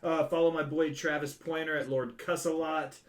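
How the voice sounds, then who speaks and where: A man hosting a wrestling podcast, joking and rattling off shout-outs. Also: a little high, little pitch movement. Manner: joking, rapid shout-out lists. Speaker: podcast host. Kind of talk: casual podcast chat.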